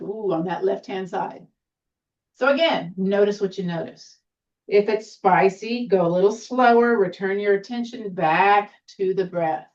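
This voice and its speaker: A mid-range female voice leads a seated tai chi class with gentle, encouraging cues that turn playful at times. Recorded from a distance, she sits a bit off-mic, so the audio sounds muffled and dull.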